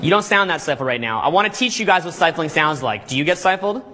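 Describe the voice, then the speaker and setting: Talking fast in a high, sharp, bright voice, a man teaches a live seminar with lively energy, peppering the audience with questions as a coach would work a crowd. Slight background noise is audible.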